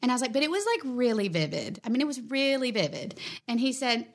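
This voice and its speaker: A woman's voice: fairly high pitch, very animated, fast talker. A woman, animatedly telling a personal story and acting out quoted dialogue. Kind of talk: personal testimony.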